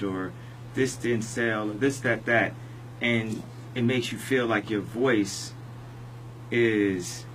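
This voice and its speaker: A man being interviewed on the radio, talking in a halting, rambling way full of restarts. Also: lowish voice, slight background noise, low-quality recording. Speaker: interview guest. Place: radio studio.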